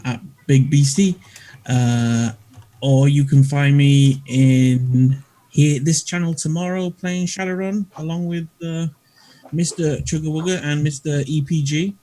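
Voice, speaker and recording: A man who plays and streams tabletop games, chatting in a relaxed, slightly scattered way. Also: a little high, measured pace. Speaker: player and streamer. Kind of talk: casual chat.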